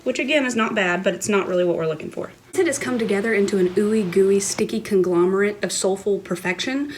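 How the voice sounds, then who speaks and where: A woman's voice: mid-range voice, slight background noise, low-quality recording. A woman giving a cooking tutorial in her home kitchen, with playful, self-mocking asides. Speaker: cooking vlogger.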